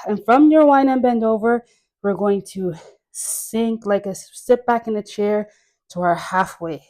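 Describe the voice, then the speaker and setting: A woman leading a dance workout class, cueing moves slowly between sighs and laughs, a bit out of breath. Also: medium pitch, darkish tone. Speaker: dance instructor.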